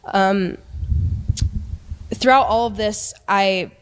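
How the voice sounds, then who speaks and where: A young woman recounting a painful personal experience in a halting, hesitant way, with many restarts. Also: medium pitch, smooth. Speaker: person telling her story in an interview. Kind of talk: emotional personal account.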